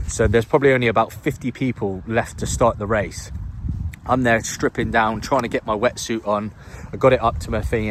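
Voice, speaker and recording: A young man, a triathlete vlogger, telling a story to the camera in a chatty, animated way. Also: lowish voice, slight background noise.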